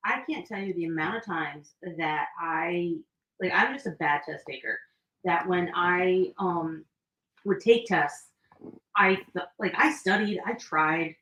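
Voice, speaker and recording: A woman co-hosting a podcast in casual chat, easygoing and joking, with quick reactions. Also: on the low side, sharp tone, reverberant, rough recording. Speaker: podcast co-host.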